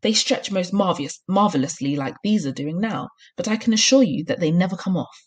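A woman's voice: on the low side, expressive, fairly quick. A woman voicing a fierce, bullying headmistress with a harsh, scornful, commanding manner in a read-aloud storybook.

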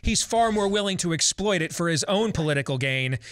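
A man's voice: sits high, expressive, fairly bright tone, no echo. Man, show host, sardonic, stop-start phrasing, dry close mic. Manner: halting restarts, wry, sardonic. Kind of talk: panel discussion.

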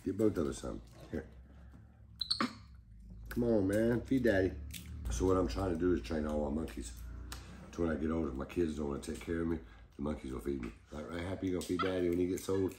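Deep-voiced man chatting to his pet. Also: fast talker, noisy background. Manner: playful, coaxing, teasing talk to his monkey. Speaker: pet monkey channel host. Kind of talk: casual chat with his pet. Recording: roomy echo.

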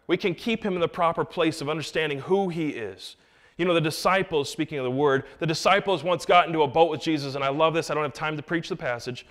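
A man preaching a sermon as pastor, animated, dropping into quiet asides and rising into loud raised lines, with jokey remarks to the congregation. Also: on the high side, fast talker.

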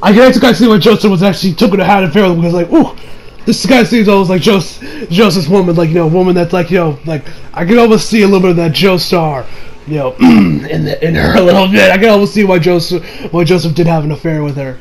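A fast-talking anime reviewer with a high, slightly mellow voice rambles through a casual take on an episode. His review is full of swearing and fillers like "like" and "you know."

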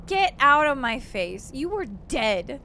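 A woman's voice: high voice, big pitch swings, slow pace, sharp tone, a little hiss or hum. A young woman giving playful let's play commentary as she games. She reacts with theatrical outbursts and mock grief. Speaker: gaming streamer. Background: game music and gunfire.

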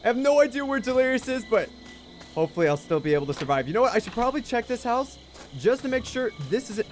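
A young man giving excitable, jokey gameplay commentary and babbling repeated exclamations. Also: very high voice, fast, soft background music. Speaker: gaming YouTuber.

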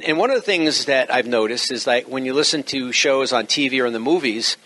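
A man's voice: mid-range voice, brisk. Joking, emphatic middle-aged man lecturing. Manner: jokey, emphatic, lively asides. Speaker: presenter teaching radio operating practice. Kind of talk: informal lecture to an audience.

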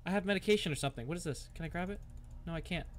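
A man commentating a horror game, muttering to himself, reading text aloud and yelling in alarm. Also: on the high side, very fast, noisy background. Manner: jumpy and excitable, swearing, yelling at the game. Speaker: gaming YouTuber.

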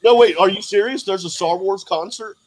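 A man hosting a casual panel chat, lively and enthusiastic. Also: sits high, brisk, poor audio. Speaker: host.

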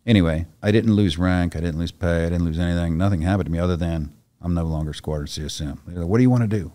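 Middle-aged retired soldier, deep-voiced, talking bluntly and profanely as a podcast guest. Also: male voice, fairly even intonation, fast, dark tone. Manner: blunt, profane, acts out the voices in his stories. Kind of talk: casual storytelling.

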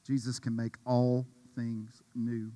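A man preaching a sermon with passion, dropping to a hush and rising to a shout. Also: mid-range voice, completely flat delivery, takes it slowly, in a large hall. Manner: impassioned, swings from hushed to shouting. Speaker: pastor.

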